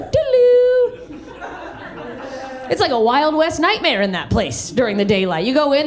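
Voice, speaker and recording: A woman from the American South doing a brash, profane stand-up set into a handheld mic on stage. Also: a little high. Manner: brash, profane, animated storytelling. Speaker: stand-up comedian. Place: theater stage.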